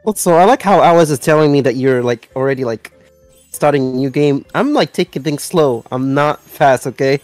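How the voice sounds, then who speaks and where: A man's voice: fairly high pitch, moderate pace, darkish tone, no echo, faint music behind. A man streaming a game with a friend, talking in a casual, laughing, self-deprecating way. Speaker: collab streamer. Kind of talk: casual gaming chat.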